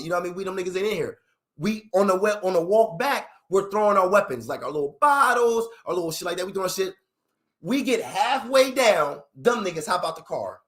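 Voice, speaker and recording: Animated young man telling a street story. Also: high voice. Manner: acts out others' lines in raised voices, slangy, fillers like "you know what I mean". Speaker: storyteller recounting his past.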